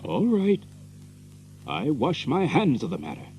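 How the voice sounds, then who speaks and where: An actor playing a blunt small-town doctor who speaks in a stern, accusing manner. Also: male voice, medium pitch, huge pitch swings, a little slow, a little mellow, soft background music, rough recording. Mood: indignant. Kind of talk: radio play acting.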